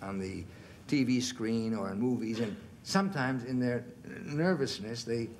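A man in his sixties, a film actor as a television interview guest, telling stories in a lively way and acting out the quotes. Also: mid-range voice, unhurried. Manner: animated storyteller, acts out quotes, chuckles. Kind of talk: relaxed anecdotal storytelling. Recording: faint background noise, 1970s television interview.

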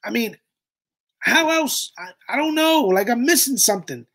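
Impassioned preachy commentary host. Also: male voice, very high-pitched, animated, normal speed, fairly bright tone. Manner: impassioned, preachy, addresses listeners as "y'all". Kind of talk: reaction commentary.

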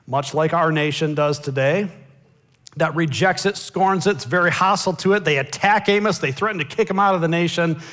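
An American man preaching a sermon, swinging from loud pleading cries to hushed asides. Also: a little high, a little fast. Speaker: pastor. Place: church sanctuary.

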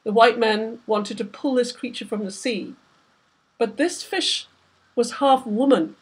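A woman's voice: fairly high pitch, measured pace, husky. A woman, the author, reading aloud from her novel with vivid, dramatic storytelling. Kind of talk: literary reading.

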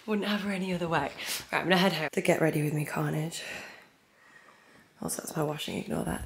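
A young woman, under the weather with a bad cold, chats casually to her camera with a faint lisp. Her voice sits slightly low, and she rambles in a relaxed, self-mocking way. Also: brisk, pauses often, slight background noise. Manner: chatty, rambling, self-deprecating. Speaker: equestrian vlogger. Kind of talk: casual vlog chat.

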